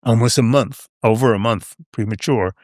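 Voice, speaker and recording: Telling a casual story as a podcast guest, a Long Island man in his seventies rambles and keeps saying "you know" and "right?" He speaks at a moderate pace in a medium-pitched, slightly mellow voice. The studio-quality audio has no echo.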